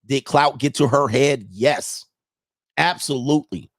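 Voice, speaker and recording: A man's voice: mid-range voice, a little slow, fairly bright tone, no room sound, clean studio sound. A man hosting a casual sports livestream, thinking aloud as he goes and chuckling often while he reads viewer messages. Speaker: sports show host.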